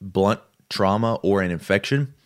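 A man's voice: lowish voice, measured pace. A man, a podcast guest, telling a story in casual talk and acting out the people he quotes. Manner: lively, acts out the people he quotes.

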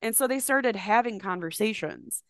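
A woman's voice: on the high side, expressive, normal speed, no echo, studio quality. A young adult woman co-hosting a podcast, telling a long story in a rambling, profane, casual way with many restarts. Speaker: podcast co-host.

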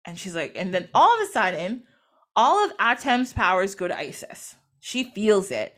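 Chatty woman host, casual myth storytelling, very lively pitch. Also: moderate pace. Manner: chatty, animated, lots of fillers and laughs. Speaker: podcast host.

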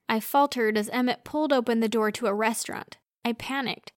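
A woman's voice: fairly high pitch, steady tone, a little fast, few pauses, no echo. Woman narrating a story, dry close sound. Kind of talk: first-person story narration.

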